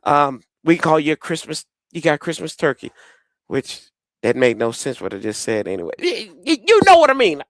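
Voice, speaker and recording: A man hosting a live game watch party, reacting excitedly and rambling into jokes. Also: a little high, normal speed, no room sound, studio quality. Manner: excitable, rambling, joking, teases the players. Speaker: host of a watch-party stream.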